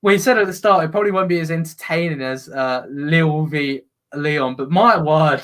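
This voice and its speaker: Hosting a live football watch-along, a slightly high-voiced man talks with viewers at normal speed between plays. He switches to loud, excited commentary whenever the game gets intense.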